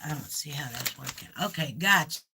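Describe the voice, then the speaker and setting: A woman with a low, expressive voice talks fairly quickly over a noisy background while hosting a casual livestream chat. She rambles, repeats herself, reads out viewer comments, and coaxes her dog with cooing repeats.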